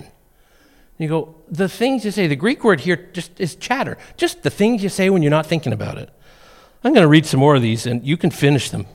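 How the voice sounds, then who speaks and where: A man's voice: mid-range voice, normal speed. Middle-aged man, pastor, humorous sermon, long hall reverb. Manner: humorous storytelling, animated.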